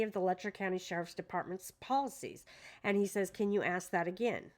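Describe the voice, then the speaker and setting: A woman's voice: mid-range voice, fairly quick, a little mellow. Incredulous woman reading transcript at home. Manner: incredulous, hesitant with many fillers. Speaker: true crime commentator. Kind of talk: casual commentary reading a transcript aloud. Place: at home with her dogs.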